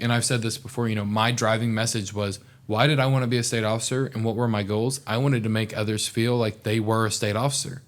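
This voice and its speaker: A young man, a podcast guest talking in an earnest, heartfelt, rambling way full of "like". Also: on the low side. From southeast Oklahoma. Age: young adult. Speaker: podcast guest, former student officer. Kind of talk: casual podcast interview.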